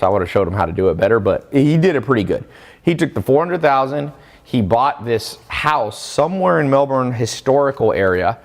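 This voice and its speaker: A man giving a casual, energetic motivational talk about earning money, with sudden rises in pitch on key points and quoted people acted out. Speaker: online business coach. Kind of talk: motivational monologue.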